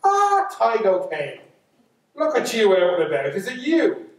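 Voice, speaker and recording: An Irish man doing a sly, high fairy chief. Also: huge pitch swings, unhurried, exaggerated voice. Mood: mocking. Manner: mocking, sly. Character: teasing leader of knee-high fairy folk. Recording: echoey hall, speaker far from mic.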